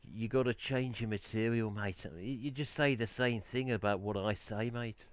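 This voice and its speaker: A man's voice: fairly low pitch, normal speed, smooth, no echo, natural voice. A man imitating a blunt coworker with a Black Country accent who keeps saying "mate". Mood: dismissive. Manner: dismissive, repeats "mate".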